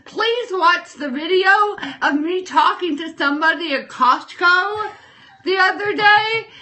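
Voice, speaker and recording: A woman's voice: very high voice, a little slow, pushed and bright, low-quality recording. A young woman hosting a casual live-stream chat from her kitchen table, emotional and enthusiastic. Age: young adult. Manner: emotional, tearful at times, enthusiastic. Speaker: host.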